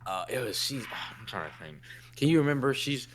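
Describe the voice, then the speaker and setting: A man's voice: medium pitch, expressive, fairly quick, a bit bright, a little hiss or hum. A man co-hosting a podcast, chiming in on a movie recap in a laid-back way. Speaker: podcast co-host. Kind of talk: casual movie recap chat.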